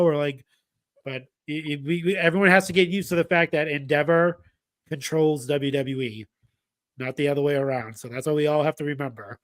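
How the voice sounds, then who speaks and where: A man's voice: fairly high pitch, fast, a bit bright. A man co-hosting a casual wrestling podcast, rambling with many fillers like "you know" and "uh". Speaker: podcast co-host. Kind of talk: casual chat.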